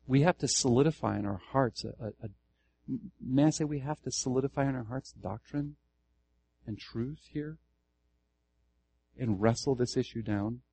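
A man's voice: mid-range voice, vocal fry, dark tone, slightly rough. A man teaching Scripture to a church group, earnest, restarting phrases and putting questions to the room. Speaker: Bible teacher. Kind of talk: Bible study teaching to a congregation.

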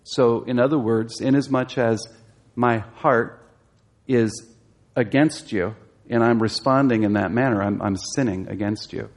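A man's voice: mid-range voice, steady tone, a little slow. A man teaching a Bible study class, explaining a passage and asking his listeners questions, growing emphatic as he exhorts.

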